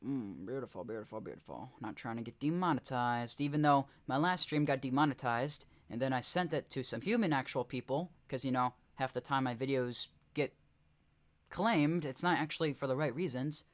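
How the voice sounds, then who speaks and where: Young male streamer, casual off-the-cuff commentary, rambling and self-correcting, average pitch. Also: normal speed.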